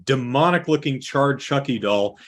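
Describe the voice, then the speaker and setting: A man's voice: medium pitch, expressive, normal speed, a bit bright. Man recapping a movie with dry asides. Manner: dry, wry asides while recapping plot. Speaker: podcast co-host. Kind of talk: casual movie discussion.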